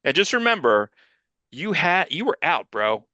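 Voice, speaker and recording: A man co-hosts a comics podcast in loose, profane, rambling chat and acts out the people he quotes. His voice is bright and forceful. It sits dry and close to the mic. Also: a little high, very animated, moderate pace, dry recording, dull audio. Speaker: podcast co-host and producer.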